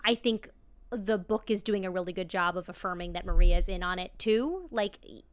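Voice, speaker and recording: A woman's voice: mid-range voice, normal speed. A woman co-hosting a podcast, chatting earnestly and leaning on "like" as she builds her point. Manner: chatty and earnest, heavy with "like" fillers. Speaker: podcast co-host. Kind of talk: casual podcast chat.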